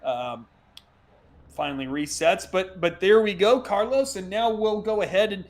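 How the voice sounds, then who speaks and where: Quick-talking high-voiced male race caller. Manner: quick, chatty, laughs easily. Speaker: sim racing commentator. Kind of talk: play-by-play commentary.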